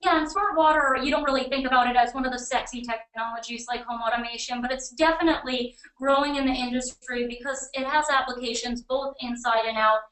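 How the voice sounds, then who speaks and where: A woman's voice: on the high side, steady tone, fairly quick, hardly any pauses, a bit bright. A woman with a New England accent hosting a webcast in a conversational, upbeat way. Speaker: webcast host and editor. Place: office or studio room beside a colleague. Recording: echoey room, mic at a distance.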